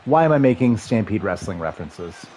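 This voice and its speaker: A man in his thirties streaming a football video game, calling the plays and chatting with viewers in a rambling, excitable way. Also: on the low side, brisk, slight background noise. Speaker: livestream gamer and commentator. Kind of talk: casual play-by-play chat with chat.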